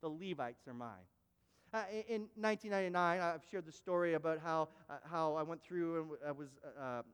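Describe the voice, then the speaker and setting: A man's voice: on the high side, brisk, smooth, long reverb tail. A pastor preaching a sermon, emphatic, often repeating words and restarting his phrases. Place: church sanctuary.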